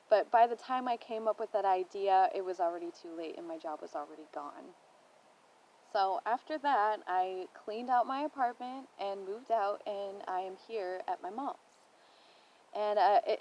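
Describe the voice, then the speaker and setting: A woman's voice: medium pitch, a little mellow, lo-fi sound. A young woman talking to camera from home, thinking aloud and offering encouragement in a reflective personal vlog. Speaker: vlogger. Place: home indoors.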